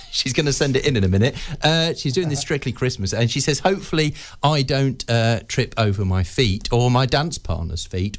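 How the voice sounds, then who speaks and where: A man presenting a radio show, chatting casually and jokily between songs, rambling with fillers and little laughs. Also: a little high.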